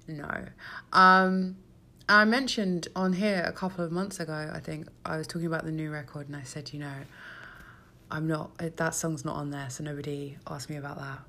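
Low, gravelly woman musician rambling to camera. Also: a bit bright. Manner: rambling, self-mocking, drops to whispers. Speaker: musician and creator. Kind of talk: casual personal vlog talk.

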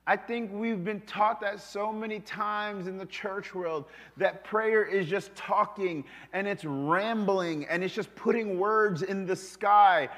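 A man preaching a sermon, animated, moving between loud calls and hushed asides. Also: high-pitched, slow, few pauses. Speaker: pastor. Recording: long reverb of a hall.

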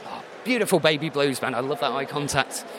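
A man hosting a live quiz show in a deadpan, sarcastic way, slightly hoarse as he loses his voice. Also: fairly high pitch, fairly quick, noisy background. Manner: deadpan sarcasm, teasing the audience.

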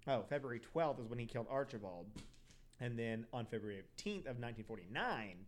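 A man's voice: mid-range voice, lively intonation, a little hiss or hum. Rambling young man telling crime stories. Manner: rambling, profane, quick asides and self-corrections. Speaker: podcast host. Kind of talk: casual true crime storytelling.

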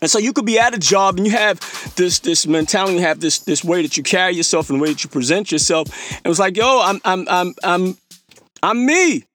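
A man's voice: sits high, fast, a bit bright, faint music behind. A man hosting a podcast, telling stories in a casual, slangy way, acting out his own past remarks and laughing at himself. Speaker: podcast host. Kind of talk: casual storytelling monologue.

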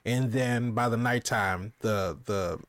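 A man's voice: lowish voice, slow, no echo. Man recapping a show in a dry, close sound. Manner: animated recapping with goofy impressions. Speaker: podcast co-host reviewing a TV show. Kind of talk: casual chat.

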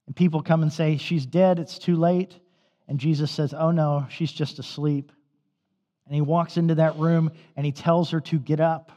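A man's voice: fairly high pitch, a little mellow. A male pastor preaching a sermon in a church, telling stories in a conversational way. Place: church sanctuary. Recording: dull recording with long hall reverb.

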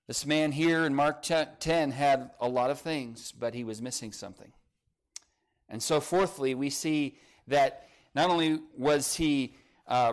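An older man preaches a sermon in a somewhat high voice. He is earnest and presses his listeners with direct questions. Now and then he lightens it with a folksy joke. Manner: earnest, rises to urgent emphasis, asks the congregation direct questions; folksy asides and light humor.

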